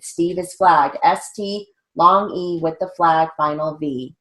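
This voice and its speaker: A woman's voice: on the low side, slow, few pauses, a bit bright. A woman teaching a stenography theory lesson, dictating drill sentences carefully and spelling out strokes letter by letter. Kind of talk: instructional lesson.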